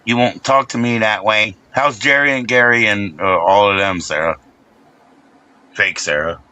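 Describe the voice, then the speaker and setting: Male streamer: low, bright and forceful voice; rambling, bickering with chat. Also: lo-fi sound. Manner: rambling, talks back to chat, trails into mumbles. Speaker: live streamer.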